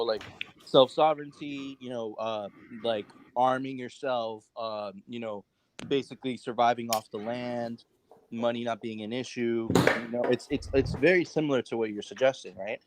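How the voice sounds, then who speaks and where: A man's voice: medium pitch, slight background noise, poor audio. A man from the United States talking casually as a podcast host, loose and conversational, with many fillers and restarts.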